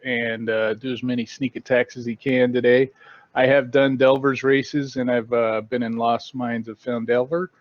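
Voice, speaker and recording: A man's voice: mid-range voice, muffled recording. A man introducing his tabletop character, upbeat and self-assured. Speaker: player.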